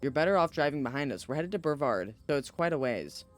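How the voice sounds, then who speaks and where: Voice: mid-range voice, sing-song, fast talker, soft background music, lightly acted. A streamer voicing a polite, reassuring paramedic, reading from a story game. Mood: calm. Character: calm professional paramedic.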